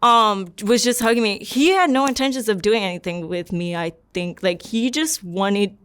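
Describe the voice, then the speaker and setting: Young woman in an interview telling her story, smooth clear voice, rambly, says like a lot. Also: mid-range voice, moderate pace, a bit bright. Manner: rambling and earnest, leans heavily on "like". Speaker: interview subject. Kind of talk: candid personal storytelling.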